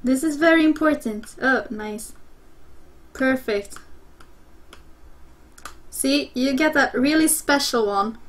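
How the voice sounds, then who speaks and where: A woman's voice: high-pitched, takes it slowly, long pauses. A young woman streaming a platform game live, swearing freely and talking to her chat. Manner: swearing, excitable, talks to chat. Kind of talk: live gameplay commentary.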